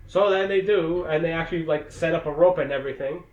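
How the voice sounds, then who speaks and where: A man's voice: a little high, fast talker. A man co-hosting a casual movie recap podcast, rambling and swearing as he retells scenes. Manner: rambling, heavy swearing, acts out lines. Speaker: podcast co-host. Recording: echoey room, dull lo-fi sound, faint hiss.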